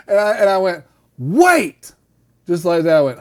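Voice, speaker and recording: Middle-aged male co-host, animated storyteller, laughs often, acts out quotes. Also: high voice, moderate pace, long pauses. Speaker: podcast co-host telling a story. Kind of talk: casual storytelling chat.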